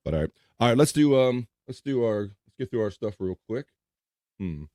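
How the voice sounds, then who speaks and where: A man's voice: medium pitch, expressive, normal speed, dark tone, soft background music. A man with a slight Mid-Atlantic American twang hosting a live podcast show, chatting casually and restarting his sentences as he goes. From Mid-Atlantic United States. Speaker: podcast host. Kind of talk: casual live-stream chat.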